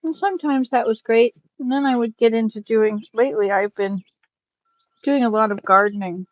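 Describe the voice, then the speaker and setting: A woman's voice: on the high side, normal speed, dry recording, highs cut off. Chatty woman rambling in her garden. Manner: chatty, rambling, self-chuckling. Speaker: vlogger. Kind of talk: casual live-stream chat. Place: outdoor garden with wind chimes.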